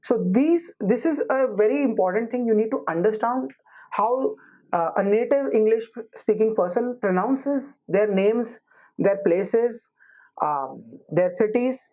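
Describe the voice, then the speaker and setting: A woman teaching IELTS listening, explaining slowly and restating her points. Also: fairly high pitch, animated, warm tone. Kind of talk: recorded classroom lesson. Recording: muffled lo-fi recording.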